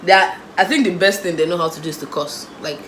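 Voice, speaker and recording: Animated Nigerian woman telling a story. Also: on the low side, quick pace, reverberant, a little hiss or hum, low-quality recording. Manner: animated, acts out voices of the people in her story. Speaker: vlogger. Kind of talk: casual storytime.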